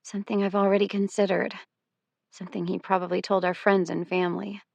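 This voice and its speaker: Woman reading a novel aloud, wry and measured, crackly low voice, dry recording. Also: level tone, vocal fry, no echo. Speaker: audiobook narrator. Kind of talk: first-person scripted narration.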